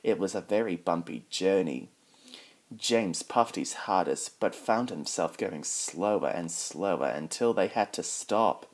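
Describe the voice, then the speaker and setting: A man reading a children's train story aloud, voicing all the characters in his own plain voice. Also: sits low. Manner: reads every character in his own voice, slow and even.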